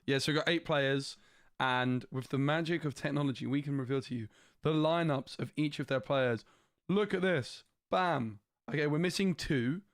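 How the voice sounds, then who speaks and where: A man's voice: fairly high pitch, moderate pace, no room sound, studio quality. A man hosting a casual card-game watch-party stream, slightly losing his voice, explaining player lineups. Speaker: stream host. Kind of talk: casual livestream chat.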